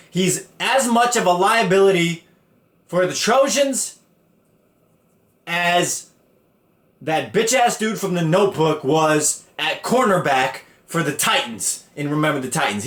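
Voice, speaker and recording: A man hosting a podcast, ranting through a story with profane, slangy energy. His voice sits a little high. The room gives it a noticeable echo. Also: a bit bright. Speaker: podcast host. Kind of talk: casual storytelling rant.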